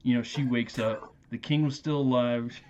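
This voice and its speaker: A man's voice: medium pitch, steady tone, moderate pace, a little mellow. Male podcast host, casual laughing film recap, lo-fi dull audio. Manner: laughing, acts out movie quotes.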